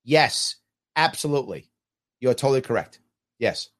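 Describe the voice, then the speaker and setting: A man's voice: mid-range voice, expressive, normal speed. A man hosting a podcast, giving emphatic, opinionated commentary on listener comments with sarcastic asides.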